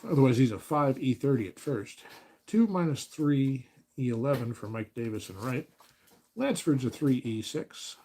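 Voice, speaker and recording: A man hosting a tabletop baseball game from home, using a put-on announcer delivery. His pitch swings widely as he reads out the lineups, with dry little jokes in between. A faint hiss sits under the voice. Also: normal speed. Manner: relaxed mock announcer delivery, dry asides. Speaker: host of tabletop baseball replays.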